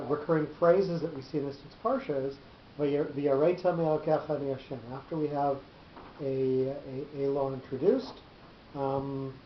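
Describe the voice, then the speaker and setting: A man teaching a Torah class, explaining patiently with many pauses, fillers and restarted phrases. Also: a little high. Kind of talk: lecture with frequent pauses and fillers. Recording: roomy, dull lo-fi with faint hiss.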